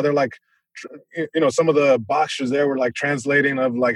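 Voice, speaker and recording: A young adult man, a comedian, telling a story in casual chat, animated and acting out other people in loud bursts. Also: medium pitch, fast talker, no room sound. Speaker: comedian guest.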